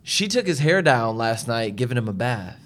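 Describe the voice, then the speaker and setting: Animated young man telling a story. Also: medium pitch, moderate pace. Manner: animated storyteller, laughs often, acts out his wife's lines. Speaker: podcast co-host. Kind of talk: casual chat, storytelling.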